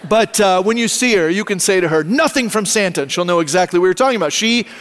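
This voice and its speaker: A man, preaching a sermon in a church and telling a family story in an animated, conversational way. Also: high voice, fast talker. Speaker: pastor. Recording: long reverb of a church hall.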